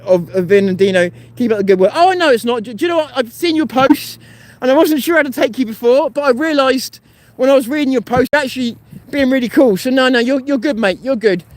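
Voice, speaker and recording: A man's voice: very high-pitched, fast, few pauses, no echo, low-quality recording. A man hosting a casual live stream while walking outdoors, talking in a rambling, blunt way and swearing freely. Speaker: host. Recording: street noise and traffic behind.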